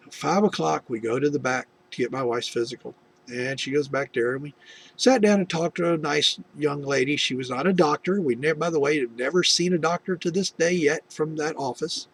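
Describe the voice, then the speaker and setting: A middle-aged man from the US hosts a video testimony, recounting his faith in a rambling manner with lots of restarts and asides. He speaks at a moderate pace in a husky voice of fairly high pitch.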